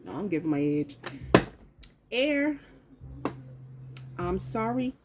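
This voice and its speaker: A woman's voice: mid-range voice, sing-song, slow pace, heavy background noise. A woman giving a casual, profane tarot reading, talking loosely to herself as she pulls cards. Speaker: tarot reader.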